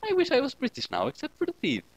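Guy doing a dopey rambling dude, bouncy pitch, dry close sound. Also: wildly swooping pitch, quick pace, no echo, heavily acted. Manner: rambling run-on chatter. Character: rambling dopey young American man.

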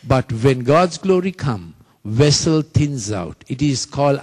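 A man's voice: medium pitch, sing-song, a little slow, darkish tone, breathy edge. A man preaching a sermon, repeating phrases emphatically and leading the congregation in call-and-response.

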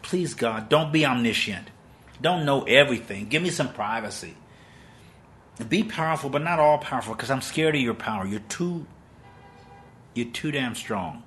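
A man's voice: mid-range voice, sing-song, slow pace, long pauses, fairly bright tone. A man voicing a frightened male believer who begs God for mercy in an anxious, pleading voice.

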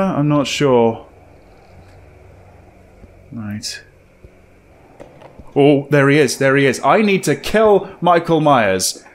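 A man narrates his own horror game playthrough with game music in the background, speaking slowly with long pauses in an animated, medium-pitched voice. He's jumpy, chuckles nervously, and keeps muttering to himself.

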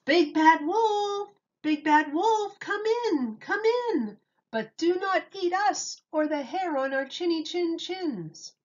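A woman voicing three defiant little pigs in a children's storybook reading, with a squeaky sing-song voice. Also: expressive, slow, dull audio, exaggerated voice. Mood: teasing.

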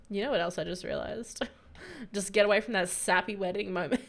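Faint game music accompanies this young gameplay commentator as she giggles and gushes over touching moments, clearly moved. She speaks at normal speed in an expressive, medium-pitched voice with vocal fry.

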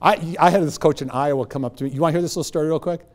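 Guy in his 60s giving a motivational talk, kinda high voice, acts out all the back-and-forth in his stories. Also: very fast. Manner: animated storytelling, acting out both sides of dialogues. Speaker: motivational speaker.

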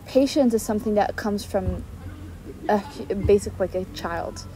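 A woman's voice: medium pitch, measured pace, dark tone, low-quality recording. A young woman talks casually as a podcast co-host. She is reflective and works her thoughts out aloud with fillers. Faint noise sits in the background. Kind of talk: casual chat.

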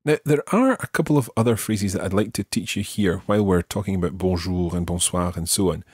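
A male language teacher with a fairly low, slightly husky voice that moves up and down a lot as he explains. He walks patiently through each phrase and models its pronunciation for the learner. The sound is close and dry. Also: a little fast, darkish tone, no echo. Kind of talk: podcast language lesson.

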